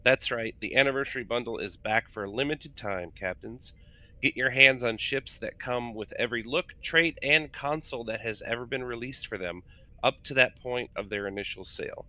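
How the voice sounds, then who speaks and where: Bright-toned male co-host, lo-fi audio. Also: mid-range voice, moderate pace, no echo. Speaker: podcast co-host. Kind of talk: casual chat and read promo. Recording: dull lo-fi audio.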